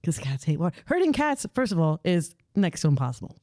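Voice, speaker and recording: Mellow-voiced woman telling lively stories. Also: fairly low pitch, dry recording, clean studio sound. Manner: animated storyteller, quick and teasing. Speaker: podcast host. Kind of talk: casual chat. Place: home.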